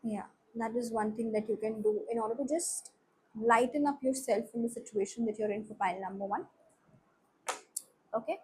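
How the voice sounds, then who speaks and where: A woman's voice: a little high, steady tone, normal speed, a little hiss or hum, rough recording. A young woman with an Indian accent giving a spiritual reading to viewers, mixing English and Hindi in an earnest, reassuring way. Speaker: tarot reader.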